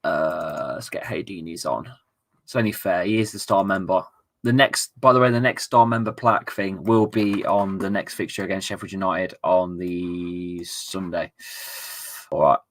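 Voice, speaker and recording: Chatty bloke, lowish voice. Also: male voice, steady tone, moderate pace, fairly bright tone. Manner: chatty, reads viewer messages aloud, laughs often. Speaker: football streamer. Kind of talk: casual live-stream chat.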